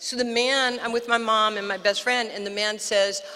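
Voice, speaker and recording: Older new york woman, bright lively storyteller, long echo from the PA. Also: a little high, normal speed. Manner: animated storyteller, acts out quotes. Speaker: guest speaker. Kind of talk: storytelling speech. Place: outdoor park dedication.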